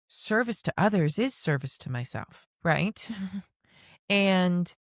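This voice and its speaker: A woman's voice: on the low side, no echo, studio quality. A woman telling her story frankly in casual conversation, rambling a little with fillers and restarts and the occasional curse word.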